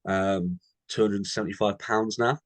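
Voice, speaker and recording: Here is a young man with a fairly low voice, talking loosely on a podcast. He tells stories and drops "mate" into almost every sentence. The sound is close and dry, with no room around it. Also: fairly even intonation, moderate pace, dry recording. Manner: chatty, says mate constantly, tells anecdotes. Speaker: podcast co-host. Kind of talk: casual chat.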